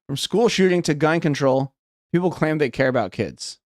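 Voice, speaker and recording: A man's voice: on the high side, lively intonation, normal speed, dry recording, studio quality. An American man rehearsing stand-up on a live stream, rambling and self-mocking and starting his lines over again and again. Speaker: streamer trying out stand-up jokes.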